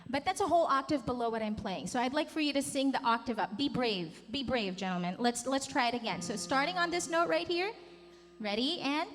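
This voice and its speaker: A woman's voice: high-pitched, animated, a little fast, soft background music. A woman in her thirties teaching a singing workshop, demonstrating vocal sounds and coaxing the group to join in. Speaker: vocal coach. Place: large conference hall. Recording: long hall reverb.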